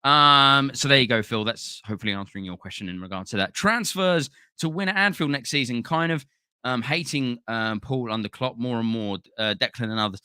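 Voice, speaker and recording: Male podcast host, bright tone, loose casual chat, dry recording. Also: mid-range voice, brisk, clean tone, no room sound. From London, England. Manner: chatty, swears freely, thanks viewers by name. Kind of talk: casual live-stream chat reading comments.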